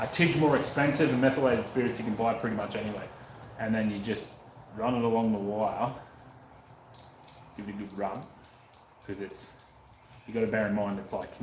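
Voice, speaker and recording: An Australian man from North Queensland, a motorcycle restoration vlogger, chats casually and jokes with rambling asides as he works in his workshop. His voice is fairly low with a steady tone, at a normal speed. The room is echoey, with faint background noise.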